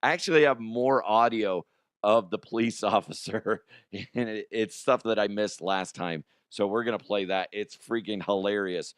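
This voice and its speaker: A man hosting a casual comedic news show, his voice hoarse and strained, joking crudely and laughing often. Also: fairly low pitch, moderate pace, no echo, studio quality. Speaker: podcast host.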